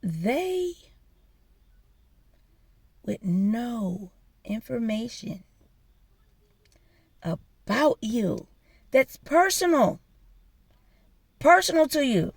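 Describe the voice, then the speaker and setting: A woman's voice: fairly high pitch, big pitch swings, very slow, creaky, long pauses, breathy edge, no echo. A woman vlogger telling a personal story in a blunt, profane, emphatic way. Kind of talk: casual storytelling rant.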